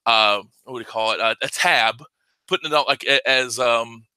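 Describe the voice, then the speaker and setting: Bright, dry-voiced impassioned man. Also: mid-range voice, normal speed, smooth, dry recording. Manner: impassioned and profane, swinging into loud outbursts. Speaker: comic shop owner guest. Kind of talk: casual podcast chat.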